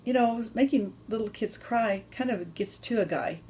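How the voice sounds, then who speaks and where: A woman voicing Santa Claus as a sad, gentle old man in a told story, halting and plain-spoken. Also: on the high side, a little hiss or hum, pitched above the performer's own voice, natural voice. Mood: glum.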